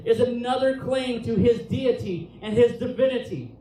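Male pastor, high voice, passionate sermon, recorded from a distance in an echoey church hall. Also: fairly even intonation, moderate pace, few pauses, mellow, slight background noise. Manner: impassioned preaching, reads scripture aloud with emphasis. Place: church sanctuary.

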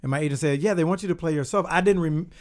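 A man's voice: a little high, rapid-fire, darkish tone. A man chatting casually as a guest actor, joking playfully and laughing often. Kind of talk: casual chat.

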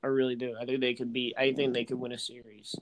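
A man's voice: medium pitch, fast, slight background noise. Rambling young-sounding man in casual sports chat. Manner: rambling, filler-heavy, excitable. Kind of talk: casual sports chat while playing a video game.

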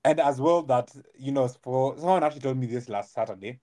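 A man hosting a podcast, reflecting in a relaxed, conversational way and affirming his guest often. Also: medium pitch, a little fast. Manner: relaxed, reflective, frequent agreeing backchannels. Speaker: podcast host. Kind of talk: casual interview chat.

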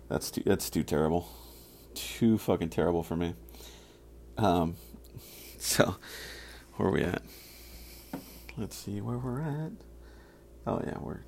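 Deep-voiced man ranting, heavy swearing. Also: a little mellow, a little hiss or hum. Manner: profane, heated, rambling. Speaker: podcast host. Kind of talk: casual solo rant.

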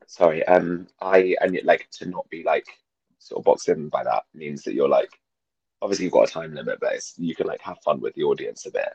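Hoarse young guy, really low voice, rambly comedian on a video call, kinda muffled audio. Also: lively intonation, a little fast, darkish tone, no room sound. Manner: rambling, self-deprecating, full of fillers. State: hoarse, losing his voice. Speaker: guest comedian. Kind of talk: casual chat.

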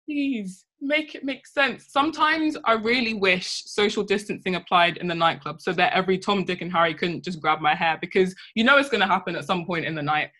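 A woman's voice: mid-range voice, fairly quick, hardly any pauses, pushed and bright. A woman chatting casually, speaking in a blunt, emphatic, sassy way. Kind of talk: casual chat.

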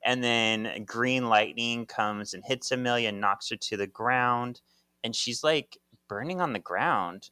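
A young man chatting on a podcast, retelling comic scenes in a lively way and laughing as he goes. His voice sits at a middle pitch, and the sound is close and dry with no room around it. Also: unhurried, clear, resonant tone, no echo. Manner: animated, laughs often, acts out lines. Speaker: podcast co-host. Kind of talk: casual chat, retelling a comic.

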